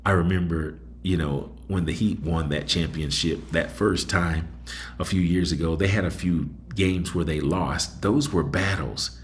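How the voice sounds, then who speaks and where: A man's voice: sits low, measured pace, a little hiss or hum. A middle-aged man hosting a solo talk show, reflecting in a rambling, conversational way with many fillers. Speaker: host.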